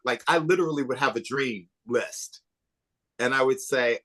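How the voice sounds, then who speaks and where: A man being interviewed on a podcast, telling behind-the-scenes stories in an animated, gossipy way, swinging between emphatic bursts and hushed asides. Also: medium pitch, normal speed. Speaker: podcast guest, author and documentary maker. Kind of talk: casual interview chat.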